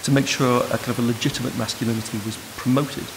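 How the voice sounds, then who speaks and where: Brief: man, academic lecturer, measured and thoughtful, with a gravelly edge. Recorded in a reverberant room with hiss. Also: mid-range voice, steady tone. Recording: noisy hiss in a reverberant hall.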